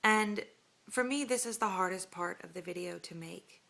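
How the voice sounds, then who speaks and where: Woman, thirties, heartfelt and hesitant at home on camera; clear, bright tone. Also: on the low side, moderate pace. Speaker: homeowner making an audition video. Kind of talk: earnest home-video plea to camera.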